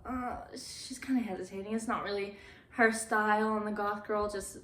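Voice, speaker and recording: A woman's voice: mid-range voice, steady tone, moderate pace. Chatty young woman in an echoey room. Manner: chatty, laughs often, quotes characters in hushed voices. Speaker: movie recap vlogger. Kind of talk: casual movie recap.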